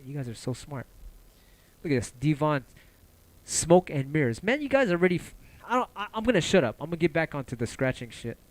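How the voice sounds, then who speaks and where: This is a man running a casual livestream who talks with loose passion, cursing frequently and rambling between ideas. He's animated, with his pitch jumping up whenever he gets excited.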